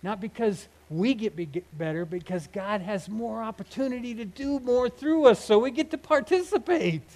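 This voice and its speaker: Brief: male pastor, slightly higher voice, earnest emphatic sermon delivery, halting restarts. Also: low-quality recording. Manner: earnest, emphatic, with frequent restarts and soft laughs.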